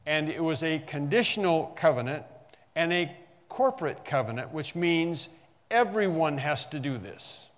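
A man preaching an expository sermon, emphatic, slowing on key phrases and rising in bursts. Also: a little high, animated, big-room sound. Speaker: pastor.

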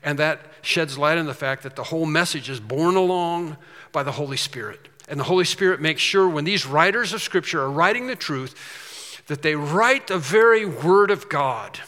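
A man preaching a sermon, slow and emphatic with quicker asides. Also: on the high side, bright, forceful tone, in a large hall.

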